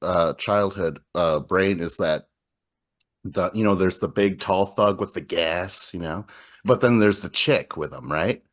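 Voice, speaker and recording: A man's voice: deep voice, measured pace. A man hosting a casual movie podcast, laughing often and swearing casually. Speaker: podcast host. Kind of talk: casual chat about movies.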